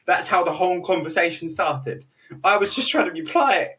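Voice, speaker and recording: A young British man, a podcast host, telling an animated story in casual chat, laughing often and restarting his sentences. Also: high voice, brisk, far from the mic. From Britain.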